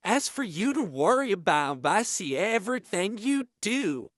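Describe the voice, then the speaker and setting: A man voicing an obsessive, menacing male inmate who drawls slowly and drops his grammar. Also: high-pitched, very animated, a bit bright, dry recording, clean studio sound, full character voice. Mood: leering. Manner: slow drawling voice with dropped grammar.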